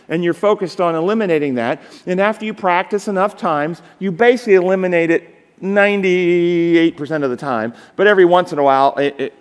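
Male seminar instructor, fairly high voice, emphatic, talks to a large reverberant room. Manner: emphatic, asks the audience rhetorical questions. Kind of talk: live seminar lecture on public speaking.

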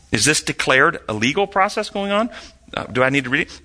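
A man's voice: on the high side, sing-song, brisk, pushed and bright. A man teaching a sermon-style Bible lesson, reading quotes aloud and questioning his listeners, rising sharply when he argues.

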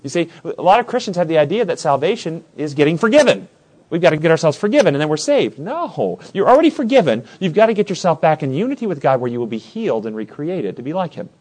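A man's voice: fairly high pitch, quick pace. A man teaching a Bible study class, asking many questions and acting out the scenes he describes. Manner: questioning, animated, acts out scenes.

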